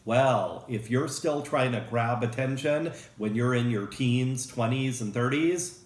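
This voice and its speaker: In a recorded psychology lecture with a roomy echo, a male professor speaks at a measured pace in a mid-range voice. His delivery is casual as he cracks jokes and acts out short examples.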